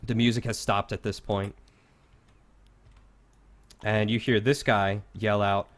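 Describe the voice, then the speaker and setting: A man's voice: lowish voice, flat delivery, slow, long pauses. A man narrating a tabletop game as game master, in a casual, filler-heavy manner.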